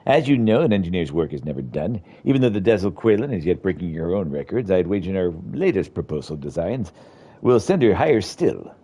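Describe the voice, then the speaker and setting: A man's voice: sits low, sing-song, brisk, mellow, slightly rough, full character voice. A man reading an eager male engineer. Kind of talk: reading game dialogue aloud.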